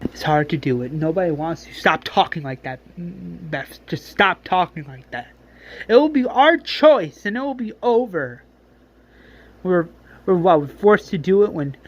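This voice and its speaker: A man voicing a grieving young man who pleads with his sister, emotional and halting. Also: high-pitched, animated, fairly bright tone, full character voice. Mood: pleading.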